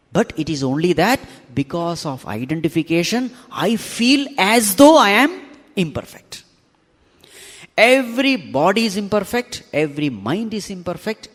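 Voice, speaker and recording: A man giving a spiritual discourse, asking the audience rhetorical questions and repeating key phrases for emphasis. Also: high-pitched. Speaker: swami teaching scripture. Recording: long hall reverb.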